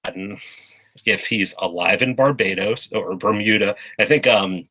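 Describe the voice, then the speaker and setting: A man talks in a casual political discussion with a low-pitched but bright, edgy voice. He speaks bluntly, swears freely and keeps restarting his sentences mid-thought. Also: unhurried, rough recording. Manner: blunt and profane, with frequent restarts. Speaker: podcast guest.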